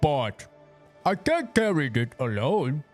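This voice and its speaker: A man's voice: on the high side, very animated, soft background music, voice pushed up, exaggerated voice. A man voicing a simple, dim-witted male henchman who talks in a clumsy, childlike way. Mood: dopey. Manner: slow, clumsy, childlike speech.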